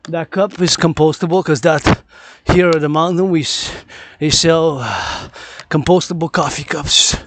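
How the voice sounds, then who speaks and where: A man's voice: a little high, vocal fry, slight background noise. A man vlogging outdoors on a forested mountain trail, rambling and repeating words and phrases over and over. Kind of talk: rambling vlog monologue.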